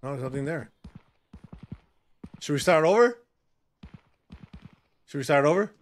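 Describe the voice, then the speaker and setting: A man streaming a horror game live, talking to his co-player and yelping and shouting in panic. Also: a little high, measured pace. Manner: excitable, yelps and shouts in panic. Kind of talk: live gameplay commentary.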